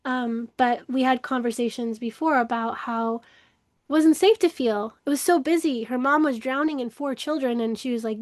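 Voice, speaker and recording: A woman hosting a spoken webinar, talking earnestly and emotively, often acting out inner voices, with restarts and soft laughs. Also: high voice, moderate pace, no echo, clean studio sound. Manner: acts out inner dialogue in shifting voices. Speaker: webinar host, creativity coach. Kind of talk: casual spoken webinar talk.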